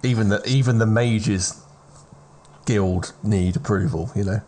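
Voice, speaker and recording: Low-voiced man explaining game rules. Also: a little slow, dark tone, slight background noise. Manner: explanatory, restarts phrases. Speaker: game master. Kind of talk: tabletop game narration and rules talk.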